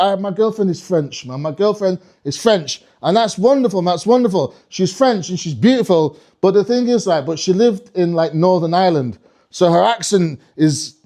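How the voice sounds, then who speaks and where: High-voiced British stand-up comedian. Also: male voice. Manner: animated, swearing, slips into mock French voices. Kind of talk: live stand-up comedy set. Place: comedy club stage.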